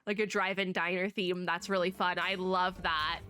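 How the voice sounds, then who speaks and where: A young woman streamer giving casual, excitable reaction commentary, gushing with quick asides. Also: fairly low pitch, soft background music. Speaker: VTuber streamer.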